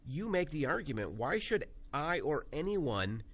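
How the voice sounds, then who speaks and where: A man's voice: a little high, big pitch swings, unhurried. A man co-hosting a podcast, chatting casually about movies in a playful, teasing way. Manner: teasing, playful, laughs often. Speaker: podcast co-host.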